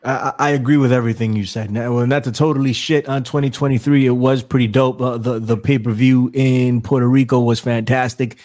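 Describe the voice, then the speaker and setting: A man's voice: medium pitch, steady tone, darkish tone. A man running a casual podcast chat, starting sentences over and doubling up his words. He keeps steering the talk to the next topic. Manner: halting, repeats words, laughs easily. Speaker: podcast host.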